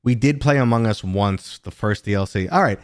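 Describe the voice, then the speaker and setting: A man chats casually on a live stream, drifting off on tangents and filling pauses with ums and uhs. His voice sits a little low. The sound is dry and close, with almost no room echo. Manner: rambling and chatty, full of tangents and fillers; jumps to a much higher, louder pitch when greeting viewers. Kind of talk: casual live-stream chat answering viewer questions.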